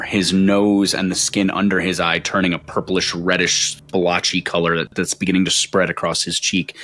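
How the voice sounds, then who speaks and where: A man's voice: sits low, a bit bright. A man narrating a tabletop game as game master, with vivid descriptive storytelling.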